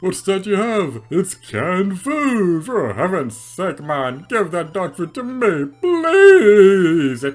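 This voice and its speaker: A woman voicing a hysterical male alligator who begs loudly for dog food in a game, raising her voice well above her own. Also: lowish voice, big pitch swings, slow pace, hardly any pauses, faint music behind, voice pushed up, heavily acted. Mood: desperate. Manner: pleading, shouting, overwrought.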